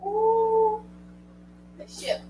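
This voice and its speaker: A woman's voice: very high voice, completely flat delivery, drawn-out words, dark tone, slight background noise. A woman co-host teasing and laughing in short remarks.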